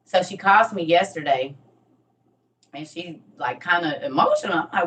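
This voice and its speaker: A woman in her thirties telling a personal story with rising passion, sometimes near shouting, in casual dialect speech. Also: lowish voice, lively intonation, normal speed, a little hiss or hum. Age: 30s. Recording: voice distant from the mic.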